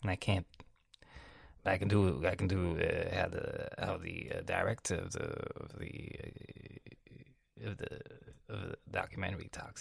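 A man's voice: low-pitched, very animated, unhurried, vocal fry, breathy edge, dry recording. A 20-year-old man talks in a rambling, profane vlog style. He uses lots of slang and restarts, and his breath is audible on a close mic. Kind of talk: casual rambling vlog chat.

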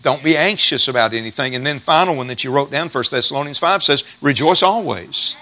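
A man's voice: medium pitch, animated, fairly quick, sharp tone. A middle-aged male pastor preaching a sermon in a folksy, emphatic way, repeating key phrases.

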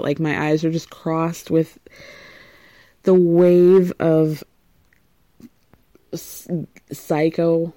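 A woman's voice: low-pitched, darkish tone, no room sound. A woman podcast host chatting casually, laughing often and tossing in blunt asides. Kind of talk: casual recap chat.

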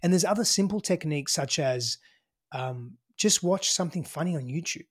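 A man's voice: fairly high pitch, lively intonation, moderate pace, breathy edge. A man with an Australian accent, a podcast guest talking loosely and emphatically in a casual interview, swearing freely.

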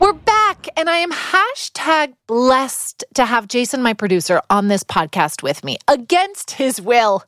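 A woman's voice: on the high side, big pitch swings, a little slow, few pauses, fairly bright tone, slight background noise. A woman hosting a podcast in a playful, gushing, exclamatory way. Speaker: podcast host. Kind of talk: casual chat.

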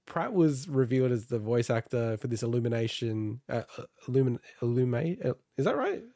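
A man's voice: mid-range voice, very animated, fairly quick, warm tone, dry recording, clean studio sound. Laughing, rambling man. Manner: laughs often, rambling, self-interrupting. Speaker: podcast co-host reading the news. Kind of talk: casual gaming news chat.

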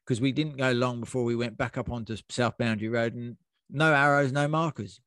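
A man's voice: medium pitch, steady tone, a little fast, fairly bright tone, no room sound, clean studio sound. A man casually recounting a long trail race on a podcast, rambling and easygoing with plenty of fillers. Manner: rambling, laid-back storytelling with fillers. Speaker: podcast host and ultra runner. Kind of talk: casual race recap chat.

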